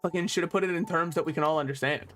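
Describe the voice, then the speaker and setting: A man's voice: fairly high pitch, very fast, a bit bright, faint music behind. A young man rambling and joking as he streams a game, laughing often. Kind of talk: rambling live-stream commentary while gaming.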